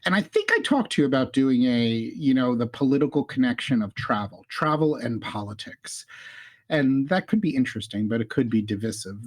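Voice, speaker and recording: A man hosting a casual travel podcast, chatty and upbeat, throwing questions to his co-host. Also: mid-range voice. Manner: chatty, upbeat, asks questions, hums sound effects.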